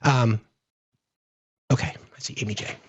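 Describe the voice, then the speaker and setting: A man's voice: mid-range voice, fairly even intonation, a little slow, breathy edge, muffled recording. A man hosting a political livestream, ranting angrily and profanely, often repeating himself as he thanks viewers. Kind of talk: angry political rant on a livestream.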